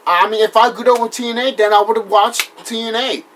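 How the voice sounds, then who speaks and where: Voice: mid-range voice, fairly even intonation, a little fast, fairly bright tone, a little hiss or hum. Casting note: heated, cursing vlog ranter, rambling, apologetic after outbursts. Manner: profane, heated, rambling with restarts. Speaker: wrestling vlogger. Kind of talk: casual vlog rant.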